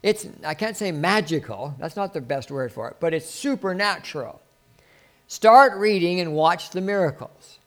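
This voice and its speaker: A man preaching an informal sermon to a small group, earnest and rambling, with many restarts, dropping his voice softly whenever he quotes a prayer. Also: a little high, animated, normal speed. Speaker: pastor.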